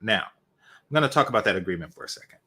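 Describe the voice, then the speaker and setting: A man's voice: fairly low pitch, expressive, fast, bright, forceful tone, husky. A man hosting a reaction channel, giving opinionated commentary with emphatic repetitions. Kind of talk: commentary on a video.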